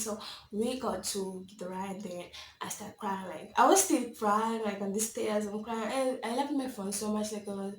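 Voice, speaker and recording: A young woman from Kenya telling a story to her camera in a casual, animated way, laughing often and filling with "like" and "you know". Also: mid-range voice, moderate pace, echoey room, a little hiss or hum. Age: young adult. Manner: animated, dramatic, laughs often, many likes and you-knows. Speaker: vlogger.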